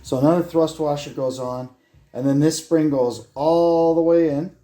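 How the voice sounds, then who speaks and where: A man's voice: a little high, steady tone, dark tone. A man casually explaining a brake lathe repair step by step as he works in his garage, thinking aloud with fillers, recorded on a phone nearby. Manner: thinks aloud, halting with fillers while working. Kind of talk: casual workshop how-to narration. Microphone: phone camera propped nearby.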